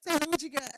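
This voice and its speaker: Animated Southern woman leading a workshop. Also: very high-pitched. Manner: animated, call-and-response, repeats herself. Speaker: workshop facilitator. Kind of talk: energetic workshop facilitation. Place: conference room with audience.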